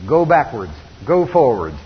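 A man preaching a sermon in a folksy, animated storytelling manner, laughing as he goes. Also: medium pitch, unhurried, slightly rough. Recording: dull lo-fi recording with long reverb and faint hiss.

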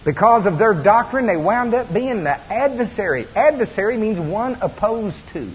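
A man preaches with a high, lively voice, telling the story in a folksy way with bursts of laughter. The sound is dull and lo-fi, with a long reverb from the hall and a faint hiss underneath. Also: normal speed. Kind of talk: sermon.

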